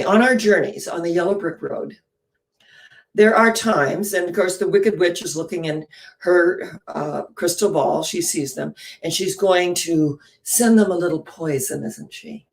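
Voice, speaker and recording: A woman giving a spiritual storytelling talk, animated, often posing questions to her listeners. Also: lowish voice, unhurried. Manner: animated, poses rhetorical questions. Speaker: inspirational speaker.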